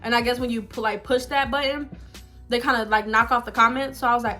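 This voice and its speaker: High-voiced young woman telling a story. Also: moderate pace, faint music behind. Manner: animated, dramatic storytelling with laughs. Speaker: vlogger. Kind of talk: casual mukbang story time. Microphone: phone.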